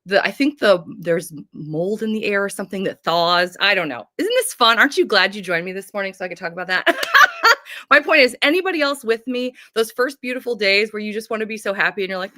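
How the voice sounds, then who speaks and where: A woman's voice: on the high side, expressive, normal speed, sharp tone, no room sound, studio quality. A woman from North Carolina hosting a livestream book chat, bubbly and gushing, laughing often. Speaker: host. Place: home.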